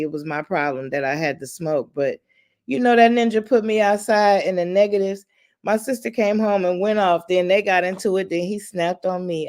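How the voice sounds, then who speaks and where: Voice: mid-range voice, a little mellow. A livestream host chatting casually with viewers, greeting them by name and teasing them in playful slang. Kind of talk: casual live chat with viewers.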